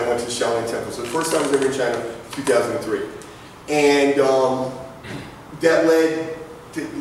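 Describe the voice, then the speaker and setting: A man's voice: medium pitch, a little hiss or hum. A man in his forties giving a conversational talk to students, telling stories with jokes and asides. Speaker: guest lecturer. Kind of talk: presentation to students. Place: large lecture hall. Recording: echoey hall from far off.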